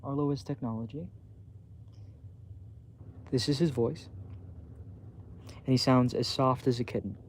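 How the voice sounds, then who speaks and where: A man's voice: medium pitch, steady tone, measured pace, long pauses, a little hiss or hum. A man reading his own novel aloud as a bedtime story, plainly and a little self-consciously, with small slips, in a dull home recording.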